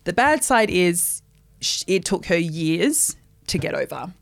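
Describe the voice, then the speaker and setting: A woman's voice: lowish voice, very animated, slow pace, creaky. A young woman with a New Zealand accent, co-hosting a podcast in casual chat, telling stories with dry, wry humour. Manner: dry, wry storytelling, many short backchannels. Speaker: podcast co-host.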